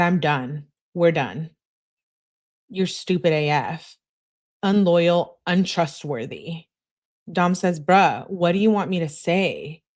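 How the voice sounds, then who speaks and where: A woman, a true crime commentator, reading both sides of a text exchange aloud in a flat recounting tone. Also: fairly low pitch.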